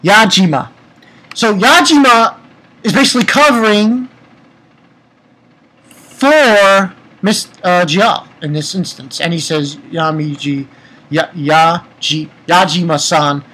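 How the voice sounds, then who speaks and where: Excitable, profane man reviewing manga. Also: sits high, poor audio. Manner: excitable, profane rants, retells scenes with quick quoted voices. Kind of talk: casual manga chapter review.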